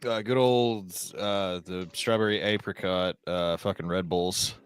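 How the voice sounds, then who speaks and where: A man's voice: low-pitched, unhurried, smooth. A man co-hosting a casual chat, joking wryly and losing his train of thought. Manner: wry, deadpan jokes, loses his train of thought. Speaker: podcast co-host.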